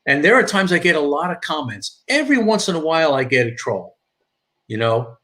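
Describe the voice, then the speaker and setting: A man's voice: on the high side, sing-song, fairly quick, bright, forceful tone. A middle-aged man from New York with a thick New York accent, hosting a casual live stream chat, rambling with restarts and reading viewer comments. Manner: rambling, repeats and restarts, reads chat aloud.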